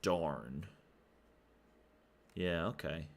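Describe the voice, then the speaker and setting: A man's voice: sits low, very slow. A young man streaming, chatting casually about a game and rambling in loose, filler-heavy sentences. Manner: talks in loose run-on thoughts with many fillers.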